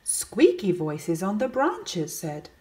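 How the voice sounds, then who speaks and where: Animated woman reading a picture book aloud. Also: mid-range voice, takes it slowly. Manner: asks young listeners questions and leans into the characters' calls. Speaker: storybook reader.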